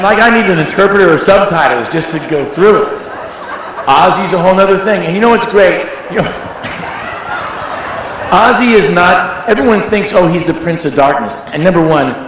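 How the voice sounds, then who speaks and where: A man's voice: medium pitch, a little hiss or hum. A man who is a music producer, telling rambling, joking stories in a casual interview. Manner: rambling, animated storyteller, joking. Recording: echoey hall.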